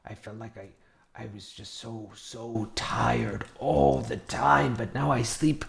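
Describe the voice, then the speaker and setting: A man voicing a soft-spoken, grateful villager in a tabletop game, speaking very quietly and gently. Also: mid-range voice, fairly even intonation, slow pace, vocal fry, crowd noise. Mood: relieved.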